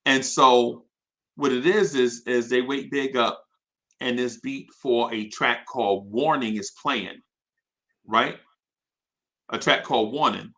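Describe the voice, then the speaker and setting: A man's voice: mid-range voice, takes it slowly, long pauses. A man hosting a live show, telling an anecdote with energy and checking in with his audience as he goes. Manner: energetic, restarts a lot, checks in with "right?". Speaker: host.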